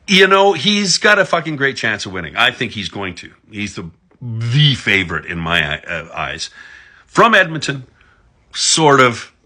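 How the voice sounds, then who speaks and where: Profane sarcastic man ranting. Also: bright, forceful tone. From Alberta, Canada. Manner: sarcastic, heavy swearing, big pitch swings. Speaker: political commentator.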